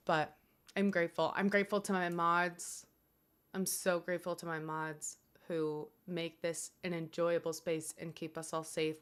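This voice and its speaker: A woman's voice: lowish voice, clear, resonant tone. Young woman streamer, casual chat, earnest and rambling, home setup. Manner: earnest, grateful, rambling with fillers.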